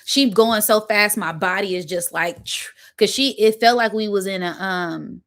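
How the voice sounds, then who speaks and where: A woman vlogger telling a story in a casual, animated, slangy way, with spoken sound effects. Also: medium pitch, normal speed.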